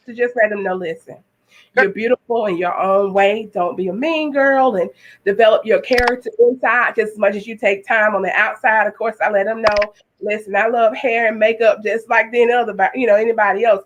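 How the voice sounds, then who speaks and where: A woman's voice: mid-range voice, a little fast, slight background noise, rough recording. A woman author, a guest on a talk show, speaking earnestly and reflectively about her experiences. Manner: earnest, reflective, frequent affirmations. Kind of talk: casual interview conversation.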